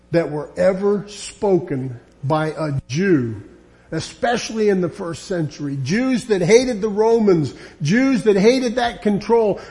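A man's voice: high voice, a little mellow. A man preaching a sermon, building emphatic, repetitive lines that grow more insistent.

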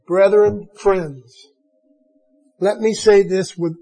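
A man preaching a sermon in a church, earnest and deliberate, with emphatic swells on key lines. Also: high-pitched, mellow, low-quality recording.

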